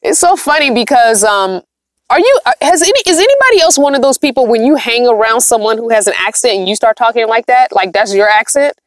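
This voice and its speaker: A woman's voice: on the high side, expressive, brisk, dry recording. Chatty woman on a dry livestream. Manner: chatty, laughs often, reads comments aloud. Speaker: van-dwelling vlogger reading live chat. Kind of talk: casual livestream chat. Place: inside her van.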